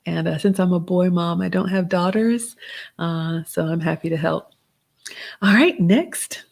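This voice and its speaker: Low-voiced Southern woman in her forties. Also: steady tone, unhurried, gravelly, a little mellow. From American South. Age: 40s. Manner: polished, motherly advice-giving, reads comments aloud. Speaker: livestream host answering chat. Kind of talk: casual livestream Q&A.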